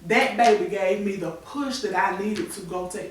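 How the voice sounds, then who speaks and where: A woman's voice: mid-range voice, normal speed, slight background noise. A woman in her thirties candidly recounting a painful personal story on a talk show, acting out the people she quotes. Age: 30s. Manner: candid, tearful retelling with acted-out quotes. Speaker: guest. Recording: echoey room, voice from far off the mic.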